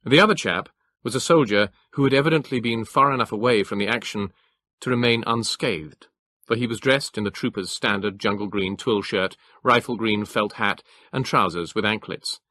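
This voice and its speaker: A male narrator with a fairly low voice reads an audiobook from a script. His storytelling is measured and even.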